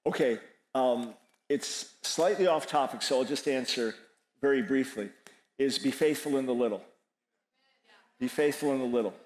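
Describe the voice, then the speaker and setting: A man's voice: mid-range voice, normal speed, long pauses, echoey room, poor audio. A man, preaching and taking audience questions, emphatic and repeating his phrases as he quotes scripture. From New York. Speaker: speaker answering audience questions.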